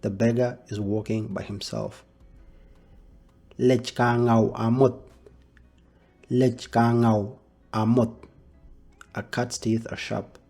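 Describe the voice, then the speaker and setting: A man with a Dinka accent leads a slow alphabet lesson. He says each word twice with a lift, then drops lower and quieter to give its English meaning. His voice is mellow and unhurried, with faint music behind him. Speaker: language teacher.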